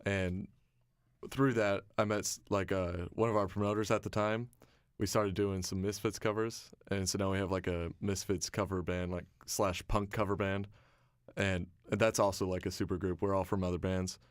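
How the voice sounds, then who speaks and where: A man's voice: low-pitched, little pitch movement, moderate pace, clean tone, no echo, studio quality. A man in a band, chatting loosely in a radio interview, with plenty of fillers. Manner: casual, loose, filler-heavy. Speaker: band musician guest. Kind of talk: casual radio interview chat.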